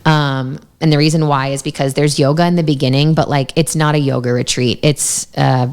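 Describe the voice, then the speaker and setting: Low, smooth-voiced young woman storyteller. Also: steady tone, brisk, a little mellow. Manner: chatty storytelling, many fillers. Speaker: yoga teacher and guest. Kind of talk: casual podcast interview. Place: podcast studio.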